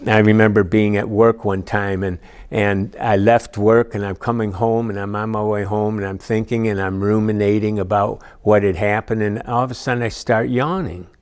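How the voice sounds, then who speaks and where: A man giving a conversational church lesson, telling personal stories with frequent asides. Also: fairly low pitch. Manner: storytelling with personal anecdotes, many asides. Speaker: church teacher. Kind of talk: conversational teaching talk.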